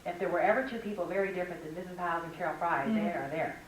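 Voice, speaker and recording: Middle-aged woman giving an animated talk, tells stories and does the voices, sounds far off in a big echoey room. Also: fairly low pitch, rapid-fire. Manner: animated, storytelling, acts out quoted voices. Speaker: speaker at a women's Christian conference. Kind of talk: lively spoken lecture. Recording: echoey hall from a distance with background noise.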